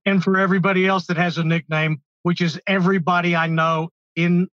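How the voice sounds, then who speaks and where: A Texan man speaking as a podcast guest, explaining things in an animated way with lots of examples. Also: sits high, brisk, no echo, dull audio. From Texas. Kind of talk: casual chat.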